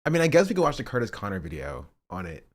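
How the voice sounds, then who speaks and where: A man's voice: lowish voice, huge pitch swings, very fast. Man, streamer, casual reaction talk, rambling, amused, chatting with viewers. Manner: rambling, amused, talks to chat.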